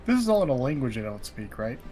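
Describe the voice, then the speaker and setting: A man playing a tabletop game, lively and joking. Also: mid-range voice, fast, soft background music. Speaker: player. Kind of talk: casual tabletop play.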